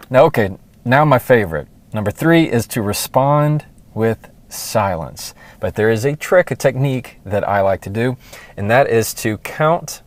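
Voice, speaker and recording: A man giving a conversational motivational talk on handling rude remarks. He slows down on the key phrases he quotes. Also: fairly low pitch, a little mellow. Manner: conversational, acts out quoted phrases in slow deliberate tones. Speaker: speaker giving communication advice.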